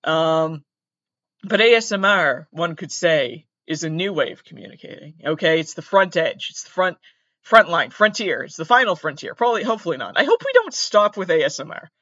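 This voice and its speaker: A man's voice: fairly high pitch, very animated, normal speed, sharp tone, dry recording, muffled recording. A young man hosting a podcast, rambling in a casual, jokey, self-mocking way, talking into a laptop mic. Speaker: podcast host.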